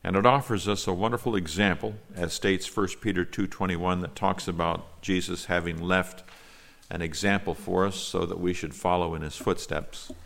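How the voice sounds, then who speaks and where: A man with a very low voice delivers a sermon from the pulpit. He reads a long scripture passage aloud in archaic wording, then explains it in an earnest, measured way, with the odd "uh" when he speaks freely. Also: fairly even intonation, gravelly, fairly bright tone. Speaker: pastor.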